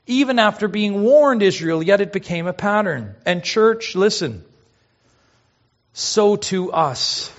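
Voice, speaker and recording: Animated male preacher, lo-fi sound. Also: high-pitched, normal speed, hardly any pauses. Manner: expressive preaching, swinging between loud emphasis and hushed asides. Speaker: pastor. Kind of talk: sermon.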